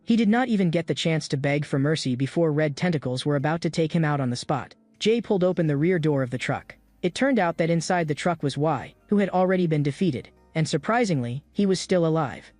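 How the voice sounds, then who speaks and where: A man with a fairly high voice narrates a comic story recap in a smooth, even, scripted manner. The sound is close and dry, with faint music underneath. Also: brisk, few pauses, dry recording.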